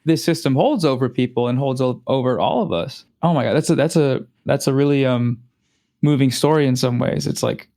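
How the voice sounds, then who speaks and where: A man appearing as a guest, talking in an earnest, reflective, somewhat halting way in casual conversation. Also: mid-range voice, vocal fry, warm tone.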